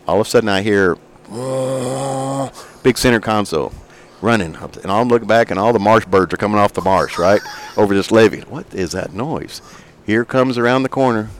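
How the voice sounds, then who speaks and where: Middle aged fishing guide guy, lowish voice, tells stories all animated w/ pops and booms. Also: moderate pace, a little hiss or hum. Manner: animated storyteller with sound effects. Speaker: fishing guide and fly maker. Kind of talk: storytelling in a casual interview.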